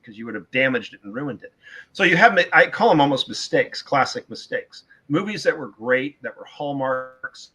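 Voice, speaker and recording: Emphatic middle-aged man, bright tone. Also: medium pitch, slightly rough, poor audio. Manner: emphatic, opinionated, repeats words for stress. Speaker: author being interviewed. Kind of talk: casual podcast interview talk.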